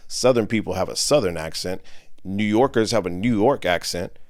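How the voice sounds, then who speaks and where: Deep-voiced middle-aged Californian man. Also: moderate pace, no room sound, clean studio sound. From San Francisco Bay Area. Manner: slangy, laid-back storytelling. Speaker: podcast co-host, father. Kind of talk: casual chat.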